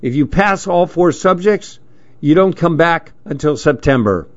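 A grumpy, thickset bald schoolteacher , as a man puts him on, barks out rules in a clipped, strict manner. He speaks slowly and a little higher than the narrator's own voice. The recording sounds dull and lo-fi, like a storybook audio. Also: lively intonation. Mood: stern. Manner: barking orders, clipped and strict. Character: stern stubby bald male schoolteacher, angry.

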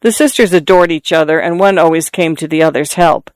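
A man narrates a novel in a measured, even manner. His voice is smooth and resonant and sits somewhat high for a man. The sound is dry and close, with no room around it. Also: no room sound. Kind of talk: scripted audiobook narration.

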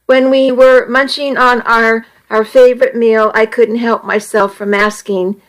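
A woman reading a first-person story aloud in a soft, measured way. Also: mid-range voice, poor audio. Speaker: audiobook reader.

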